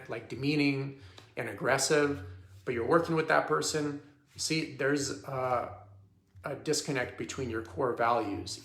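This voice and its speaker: A man's voice: medium pitch, gravelly, a bit bright. A man hosting a live talk, speaking casually to his audience, often checking in with "okay?" and restarting his sentences. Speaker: host. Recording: echoey room.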